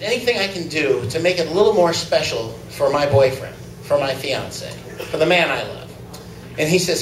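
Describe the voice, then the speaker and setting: A man's voice: a little high, roomy sound, far from the mic, slight background noise, rough recording. A man doing a crude open-mic stand-up set in a small club, laughing at his own jokes. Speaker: stand-up comic.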